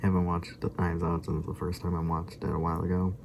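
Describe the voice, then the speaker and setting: Young male vlogger, dark, mellow voice, loose rambling delivery with frequent chuckles. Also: low voice, fast talker, slight background noise. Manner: rambling, chuckling often, animated retelling. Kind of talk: casual rambling monologue.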